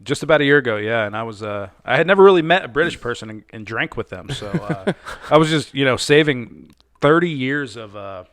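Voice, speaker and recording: A man in his thirties co-hosts a casual podcast while drinking, sounding boisterous and profane as he jumps from topic to topic. His mid-range voice is expressive, brisk and fairly bright.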